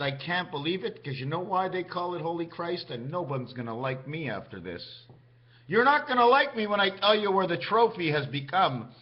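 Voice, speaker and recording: A man's voice: on the high side, lively intonation, normal speed. A man vlogging in a rambling, free-associating monologue, musing aloud as he goes. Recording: dull lo-fi recording.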